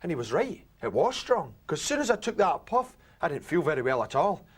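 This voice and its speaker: A man's voice: fairly high pitch, very animated, a little fast, husky, full character voice. A young man with a Scottish accent telling a comic story in character, chatty and self-mocking, acting out the other voices. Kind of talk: theatre monologue.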